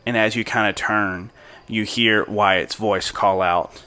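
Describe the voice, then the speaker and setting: A man's voice: on the low side, fairly even intonation, slow, bright, forceful tone, clean tone. A man narrating as game master of a tabletop role-playing game, describing scenes in an easygoing, descriptive way.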